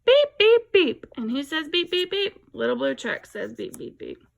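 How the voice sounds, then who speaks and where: A woman's voice: high voice, very animated, normal speed, gravelly, fairly bright tone. A woman reading a rhyming picture book aloud in a rhythmic, sing-song way, then explaining how to use it in a lesson. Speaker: teacher educator.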